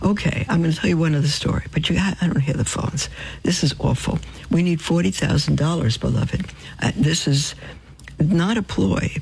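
A woman telling religious stories on the radio in an animated way, acting out what people said and dropping to a whisper for emphasis. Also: low-pitched, normal speed, creaky, breathy edge, low-quality recording. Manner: animated storyteller who acts out quotes and drops to a whisper for emphasis. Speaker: radio guest asking for donations. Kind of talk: religious storytelling testimony.

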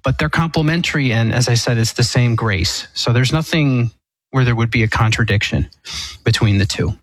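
Husky-voiced priest explaining theology. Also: male voice, medium pitch, dry recording, rough recording. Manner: measured, thoughtful, with frequent fillers and restarts. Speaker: Eastern Catholic priest. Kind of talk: explaining theology on a call-in show.

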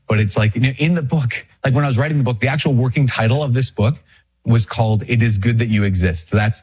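A man, a Catholic priest, talking casually to camera, chatty and self-deprecating with animated asides. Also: fairly low pitch, breathy edge. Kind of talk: casual video talk.

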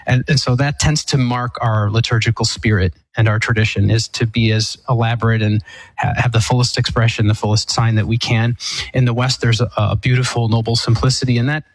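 A man, an Eastern Catholic priest, answering a caller's question on a radio call-in show in a measured, explanatory way with frequent restarts. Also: medium pitch, steady tone, no room sound, poor audio.

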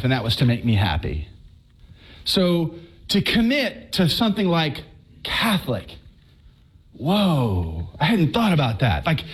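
A man from Texas giving a personal faith testimony to a live audience, telling his story in an animated, conversational way and often restarting his words. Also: a little high, husky, low-quality recording.

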